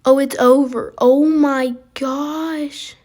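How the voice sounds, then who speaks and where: A woman giving casual, excitable commentary while playing a basketball video game, reacting aloud as she goes. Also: sits high, extremely slow. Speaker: gaming video creator.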